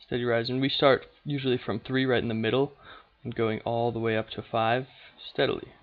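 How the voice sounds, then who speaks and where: A man of middling pitch talks through a lesson in a patient, steady way, pausing often with small fillers. The sound is dull and lo-fi, like an older home video. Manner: patient, steady, with frequent "okay" and "uh". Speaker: language teacher. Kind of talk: unscripted explanatory lesson.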